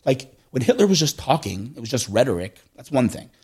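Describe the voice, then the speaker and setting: Animated fast-talking middle-aged man. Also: medium pitch, breathy edge. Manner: animated, acts out voices in his stories, frequent "right?". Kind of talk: casual conversational storytelling.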